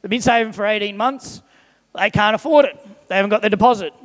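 A young man preaching a sermon, telling everyday stories in a lively way and briefly voicing the people in them. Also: sits high, quick pace. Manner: animated storyteller, briefly voices the people in his examples. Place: church hall. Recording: long echo of a large church hall.

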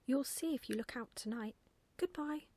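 A woman voicing an eager, chatty little boy in a breathy whispered role-play for a storybook. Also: high-pitched, moderate pace, a little mellow, dry recording.

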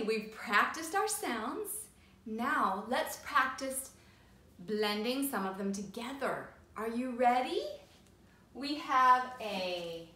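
A high, lively woman's voice guides small children through letter sounds, each one drawn out in a slow, sing-song way. Her tone is bright and clear. The room around her gives back a noticeable echo. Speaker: preschool teacher. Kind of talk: phonics lesson for young children.

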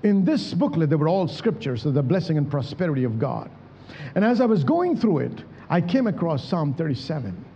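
Male pastor, sermon, high voice, husky, muffled lo-fi recording. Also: sing-song, fairly quick, long reverb tail. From India. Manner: preaching with emphatic calls to the church.

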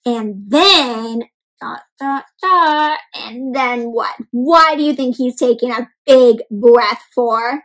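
Casting: woman storyteller with a high voice, animated read-aloud for kids, full of gasps and questions to the children. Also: slow pace, poor audio. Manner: expressive, often gasps, asks kids questions.

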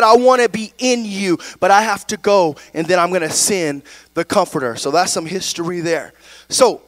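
High-voiced man preaching a sermon. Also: normal speed, fairly bright tone, dry recording. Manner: preaching with call-and-response "amen?" and "right?". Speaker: pastor.

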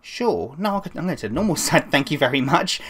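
A woman's voice: low voice, big pitch swings, fast talker, fairly bright tone. Woman swearing through a horror game. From England. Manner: jumpy, swears when scared, dry asides. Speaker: gaming YouTuber. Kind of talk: let's play commentary.

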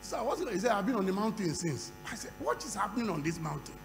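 A man preaching a sermon at a conference, moving from quiet storytelling to loud shouting. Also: high voice, sing-song, fast talker, creaky, faint music behind. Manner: acts out dialogue in a conversational storytelling voice. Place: large conference hall. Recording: reverberant hall with faint hum.

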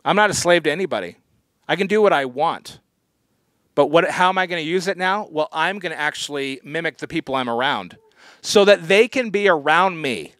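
A man's voice: on the high side, animated, fairly quick, fairly bright tone, no room sound, clean studio sound. A man preaching a sermon as pastor, in a conversational but earnest way that often leans into sudden emphatic points. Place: church.

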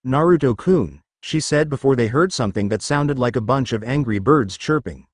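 A man's voice: mid-range voice, a little fast, no echo, studio quality. A man reading a fanfiction story aloud as narrator.

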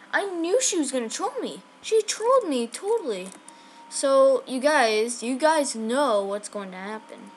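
A woman giving chatty, excitable live commentary on her own game, talking straight to her viewers. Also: high-pitched, slight background noise. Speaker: gaming channel host.

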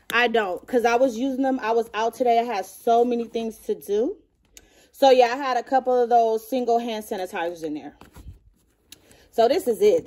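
A woman's voice: on the high side, a little mellow. A woman vlogger chatting casually as she shows off items in a show-and-tell video, gushing and calling viewers "girl". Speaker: beauty and lifestyle vlogger.

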